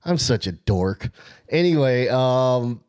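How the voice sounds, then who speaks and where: A man co-hosting a casual sports podcast, telling a long story in an excited, rambling way. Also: medium pitch, slow pace, clean tone. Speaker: podcast co-host.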